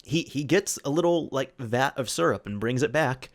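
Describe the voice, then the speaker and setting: A man's voice: mid-range voice, expressive, moderate pace. A young man hosting a solo talk show, telling a story casually with many restarts and fillers. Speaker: host.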